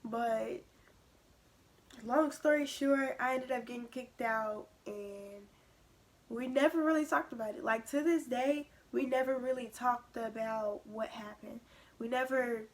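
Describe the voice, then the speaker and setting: A young woman vlogger telling a personal story in a casual, animated way, acting out what others said. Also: fairly high pitch, a little slow. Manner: animated retelling, acting out quoted lines.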